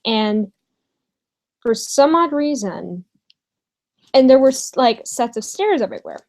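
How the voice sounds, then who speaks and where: A young woman telling a storytime vlog from her bedroom, hesitant with many pauses and fillers, swearing casually. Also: fairly high pitch, very animated, rough recording. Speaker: vlogger.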